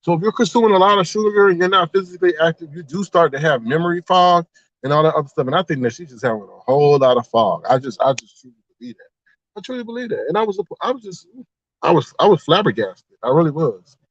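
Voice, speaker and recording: A man's voice: a little high, quick pace, muffled recording. A man hosting a livestream, chatting casually to his viewers about online drama and acting out the exchanges he quotes. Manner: animated storyteller who acts out quoted exchanges. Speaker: livestream host. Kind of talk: casual gossip commentary to a live chat.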